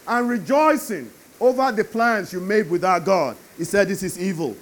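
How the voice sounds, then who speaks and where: A man preaching a sermon, animated and building to emphatic shouts. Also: high-pitched, normal speed, hardly any pauses.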